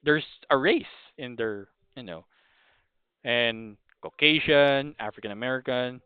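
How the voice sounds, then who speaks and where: A podcast host with a Filipino accent talks through his opinions at a medium pitch, rambling, restarting and apologizing as he goes. His voice is smooth and clear but dry, with no room sound. It comes through a narrow, phone-like band. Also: big pitch swings, unhurried, dry recording. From Philippines. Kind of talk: casual opinion monologue. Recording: thin phone-like audio.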